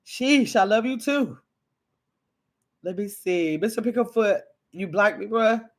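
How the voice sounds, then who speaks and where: A woman's voice: medium pitch, unhurried. A woman hosting a casual livestream, chatting with viewers and reading their comments aloud in a rambling, conversational way. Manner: chatty, reads viewer comments aloud, talks to chat directly; rambling and conversational, with sudden excited bursts. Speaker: livestream host.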